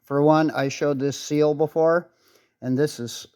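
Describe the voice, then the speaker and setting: A man's voice: on the high side, steady tone, measured pace, a little mellow, clean tone. A man in a workshop talking casually through a tractor repair, blunt and rambling, swearing when irritated. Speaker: restoration video maker.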